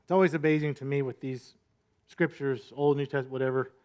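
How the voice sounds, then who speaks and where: A man's voice: medium pitch, steady tone, fast, darkish tone, clean tone. A male pastor giving a sermon in a conversational, storytelling way, full of rhetorical questions.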